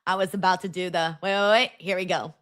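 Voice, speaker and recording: A woman's voice: fairly low pitch, steady tone, fast talker, a bit bright, no room sound, studio quality. A woman hosting a live stream watchalong, reading viewer comments aloud with frequent laughter and playful jokes. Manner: giggly, joking, reading chat comments aloud. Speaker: host.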